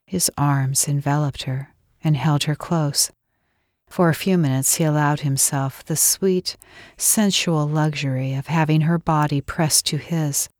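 A woman with a low voice reads a romance novel in a steady, intimate way. The sound is close and dry, with no room around it. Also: measured pace, dry recording. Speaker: audiobook narrator. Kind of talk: scripted narration.

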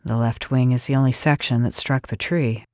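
A woman voicing a gruff but soothing male pilot in a storybook. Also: rumbling low, steady tone, moderate pace, a little mellow, no room sound, clean studio sound. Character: gruff, lean male pilot, guarded yet tender.

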